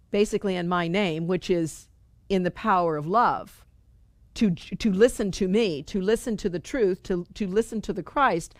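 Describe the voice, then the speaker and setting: A woman's voice: fairly high pitch, dry recording, clean studio sound. Earnest woman teaching a spiritual class. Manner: earnest, conversational, repeats phrases for emphasis. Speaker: spiritual study group teacher.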